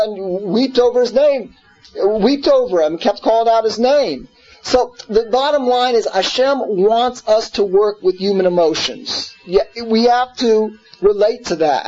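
A man's voice: high voice, a little mellow, highs cut off. A man teaching a scripture class in an earnest way, repeating words and putting questions to his listeners. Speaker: Torah teacher.

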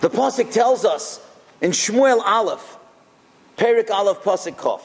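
A rabbi delivers a storytelling sermon with a high, lively voice that leaps around as he talks. He is recorded in a large hall with a long, ringing reverb trailing each phrase. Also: a little slow. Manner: animated, expressive storyteller.

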